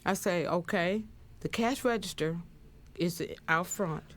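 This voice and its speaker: An older woman recounting her experience in documentary testimony, halting and repeating words as she goes. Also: fairly low pitch. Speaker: crime survivor interviewee.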